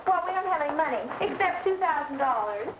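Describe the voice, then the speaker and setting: A chirpy schoolgirl, bubbly and breathless in a very high voice. She sounds roomy and dull, with hiss from an old film soundtrack. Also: lively intonation, quick pace. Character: chirpy teenage schoolgirls on a parade committee.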